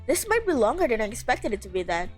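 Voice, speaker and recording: Woman streamer, high and animated, game music faintly behind. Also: fast. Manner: lively, giggly, reads with animated voices. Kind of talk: game playthrough, reading dialogue aloud.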